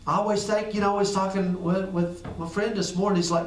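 Man, high voice, conversational sermon, repeats phrases, recorded from a distance. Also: fairly even intonation, a little fast, slight background noise. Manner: conversational preaching, acts out little dialogues. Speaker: pastor. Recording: echoey room, far from the mic.

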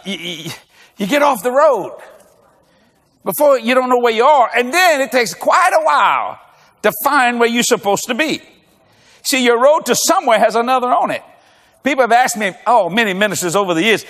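High, lively older preacher. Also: male voice. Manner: storytelling with acted dialogue and frequent laughter. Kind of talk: animated comedic sermon. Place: large church auditorium. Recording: long echo of a large church hall.

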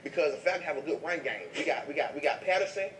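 A man being interviewed, telling comedic stories in an animated, profane way and laughing through them. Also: a little high, quick pace, echoey room, far from the mic, a little hiss or hum. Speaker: interview guest. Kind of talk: comedic street interview storytelling.

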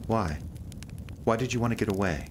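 A relentless interrogator, played by an actor, in an audio drama who keeps pressing with measured, probing questions. His voice sits very low, with a faint hum in the background. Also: animated, natural voice. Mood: insistent. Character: persistent, probing male questioner.

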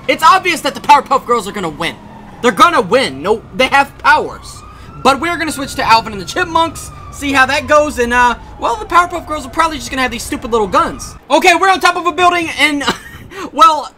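A man giving excited gameplay commentary, shouting and reacting fast as he plays. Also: extremely high pitch, a little hiss or hum. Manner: hyped, shouting at the game, quick reactions. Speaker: gaming YouTuber.

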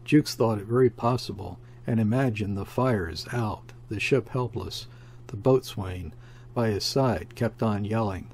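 A man narrating a classic sea story as an audiobook reader, in a steady, measured way. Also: fairly low pitch, breathy edge.

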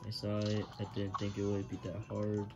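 A woman's voice: very deep voice, completely flat delivery, normal speed, lo-fi sound. A woman rambling through casual gameplay commentary, muttering and poking fun at herself, swearing when she fails. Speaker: gamer. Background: game music.

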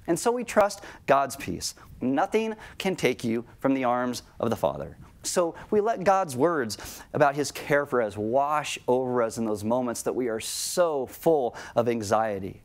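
A middle-aged man preaching a sermon to his congregation in a conversational tone, slowing right down on key lines. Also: medium pitch. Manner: conversational preaching, slows down for emphasis. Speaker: pastor.

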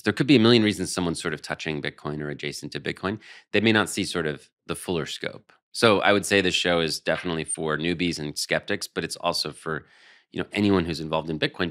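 A man's voice: rumbling low, sharp tone. A man talking as an interview guest, earnest and emphatic, with frequent restarts as he explains his views. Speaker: interview guest, human rights strategist. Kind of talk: conversational interview.

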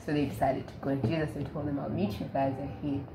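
Woman leading bible study, acts out the voices, low-ish, roomy echo, bit of background hum. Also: quick pace. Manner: lively storytelling, acts out quoted voices. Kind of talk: casual Bible study retelling. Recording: echoey room, faint ambience.

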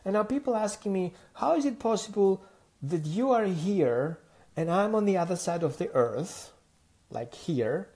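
Speaking slowly in a high voice, a dog trainer from the Mediterranean gives a spirited lesson. He fills it with rhetorical questions and plays out conversations himself.

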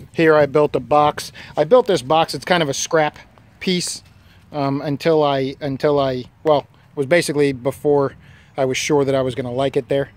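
Flat-voiced man touring his work trailer. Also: mid-range voice. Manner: rambling, many fillers and restarts. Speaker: property preservation worker. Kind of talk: casual walkaround tour.

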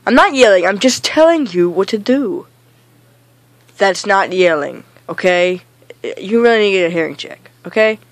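A woman doing a comedic gaming rant, bossy and exasperated, shouting directions at a teammate while insisting she is not yelling. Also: medium pitch, animated, moderate pace, no room sound. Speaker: gamer in a comedy skit.

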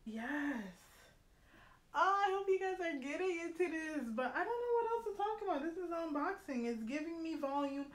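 A young woman vlogger chatting excitedly to her viewers, slangy, and quick to laugh. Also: very high voice. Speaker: beauty vlogger. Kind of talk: casual unboxing chat to viewers. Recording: roomy echo, faint noise.

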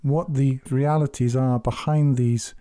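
A man giving measured, earnest spoken commentary on scripture, exhorting his listeners. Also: medium pitch, fairly even intonation, dark tone, smooth, dry recording, clean studio sound. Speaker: Quran commentator.

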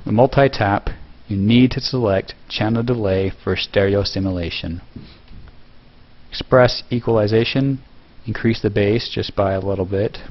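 A man casually talking through a tutorial step by step, relaxed, with fillers and self-corrections. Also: lowish voice, muffled recording. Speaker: video tutorial host. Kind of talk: casual screen-recorded tutorial.

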